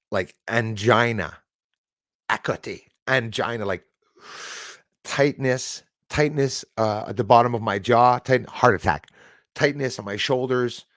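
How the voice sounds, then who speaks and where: A middle-aged man hosting a casual live stream, excitable, thanking viewers by name and swearing when angry. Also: mid-range voice, no room sound, clean studio sound.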